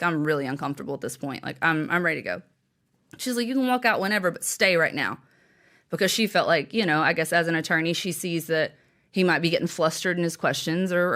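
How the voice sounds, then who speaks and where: An earnest woman, an author appearing as an interview guest, shares a personal story. She speaks haltingly and emotionally, restarting often, in an ordinary middle-pitched voice with a slightly bright quality.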